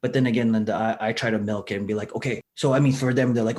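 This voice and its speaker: A man's voice: fairly low pitch, fast. A man in his thirties, a guest on a podcast, telling stories in casual conversation and acting out the voices of people he quotes. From Canada. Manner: animated storyteller, acts out quoted voices. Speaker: podcast guest, mental health nurse.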